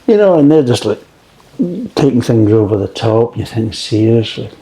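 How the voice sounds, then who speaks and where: A man's voice: medium pitch, expressive, moderate pace, dark tone. A man reviewing beer in a casual, rambling way, swearing freely and drifting off into tangents. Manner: rambling, profane, digressive.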